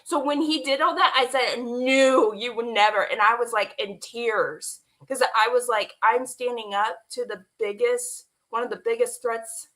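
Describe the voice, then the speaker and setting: A woman telling an emotional personal story as a guest, animated and quoting the people in it, laughing at times and close to tears. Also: fairly high pitch, moderate pace, few pauses. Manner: animated retelling with quoted dialogue, laughing and near tears. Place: online stream.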